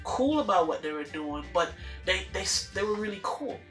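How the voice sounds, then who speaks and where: Animated woman telling a story, bright voice. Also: medium pitch, normal speed. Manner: animated, acts out dialogue, laughs often. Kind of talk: casual storytelling. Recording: echoey room with faint music.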